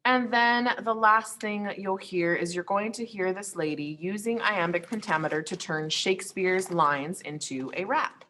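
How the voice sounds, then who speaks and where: A woman's voice: medium pitch, measured pace, few pauses, sharp tone, a little hiss or hum. A woman teacher recording an online lesson walkthrough while sharing her screen, explaining step by step in a friendly way with frequent ums and likes.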